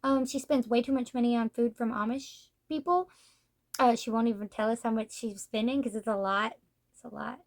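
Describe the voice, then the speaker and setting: A woman's voice: on the high side, fairly even intonation, moderate pace. A woman hosting a casual comic book review, chatty and rambling, with lots of fillers. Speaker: book reviewer, channel host.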